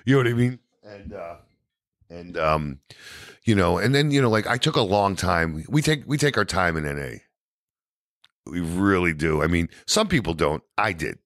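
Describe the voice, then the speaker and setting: A man with a New York accent telling his recovery story as a podcast guest, animated and peppered with "you know what I mean". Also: deep voice, normal speed, no room sound, studio quality.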